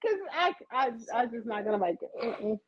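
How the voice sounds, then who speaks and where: High bouncy woman cracking up and teasing, muffled lo-fi sound with faint hiss. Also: expressive, normal speed. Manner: laughing, teasing interjections. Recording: dull lo-fi with faint noise.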